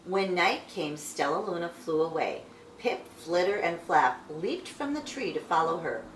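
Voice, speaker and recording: A woman reading a picture book aloud at home, with expressive storytelling. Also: on the low side, a little slow, a little hiss or hum. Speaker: storybook reader. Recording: echoey room, a bit distant.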